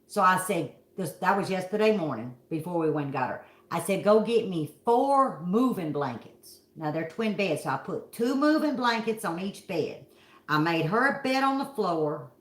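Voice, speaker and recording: A woman's voice: lowish voice, normal speed, reverberant. Folksy Kentucky woman telling a story. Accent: Kentucky Southern. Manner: folksy, animated, dramatic storytelling. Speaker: vlog host. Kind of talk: casual storytelling to viewers.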